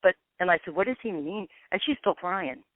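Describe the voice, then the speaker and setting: Speaking a little fast in a lowish voice, a woman who investigates the paranormal gives a rambling account in a phone interview. She acts out the dialogue with "I'm like," and the tinny phone line sounds dry.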